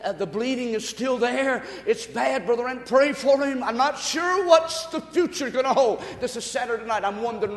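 This pastor's sermon fills a large church hall whose long reverb carries his very high-pitched, excitable voice. He moves from soft asides to shouted outbursts at a normal pace, with almost no pauses.

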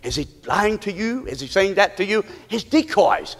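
High-pitched fervent preacher in reverberant church. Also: male voice, animated, normal speed, a bit bright. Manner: fervent preaching with call-and-response. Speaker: pastor. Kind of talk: sermon. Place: church sanctuary. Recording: long hall reverb.

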